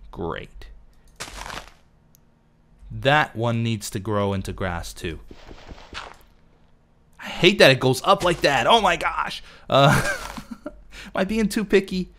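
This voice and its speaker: While building in his game, a let's play host fusses over details and chats to himself casually, even as he's losing his voice. His voice sits low with a fairly bright tone, and there's slight background noise.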